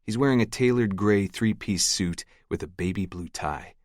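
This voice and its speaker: A man narrating a first-person audiobook in a sardonic, deadpan way, close to the mic. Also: on the low side, moderate pace, no room sound.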